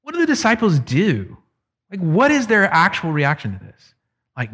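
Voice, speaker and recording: Conversational male preacher, fairly high voice. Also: huge pitch swings, normal speed, a bit bright, slightly rough. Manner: conversational, emphatic, uses voices. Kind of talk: sermon.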